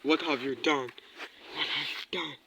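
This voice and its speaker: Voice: medium pitch, unhurried, heavy background noise, lightly acted. A performer voicing a gloating plush monkey villain who taunts the others.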